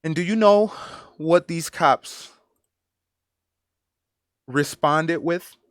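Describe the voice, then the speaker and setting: A man giving personal commentary as a vlogger, earnest and emotional, halting and repeating phrases for emphasis. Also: a little high, dry recording, clean studio sound.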